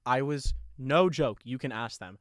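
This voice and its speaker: A man's voice: mid-range voice, unhurried, no room sound, clean studio sound. A young man hosting a podcast, telling a story casually with lots of swearing and frequent laughter. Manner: profane, laughing often, animated retelling. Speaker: podcast host.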